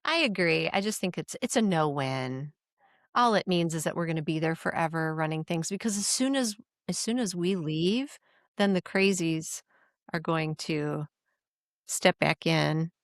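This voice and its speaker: Low-voiced woman co-host, chatty. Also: dry recording, clean studio sound. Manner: quick agreeing replies, laughs along. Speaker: podcast co-host. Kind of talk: casual political chat. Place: home studio.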